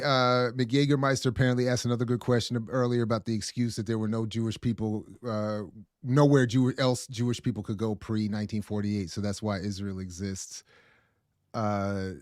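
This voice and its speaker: A middle-aged man hosting a podcast in casual chat, reading out viewer comments, animated and often stumbling over his words. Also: medium pitch, normal speed, no echo, studio quality. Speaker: podcast host.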